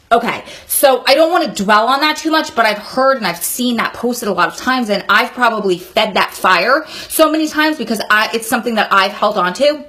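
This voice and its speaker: A woman in her thirties, sweaty in a hot room, gives heartfelt, emphatic advice straight to her vlog viewers in an emotional monologue. Her voice is on the high side, bright and forceful, moving a little fast with few pauses.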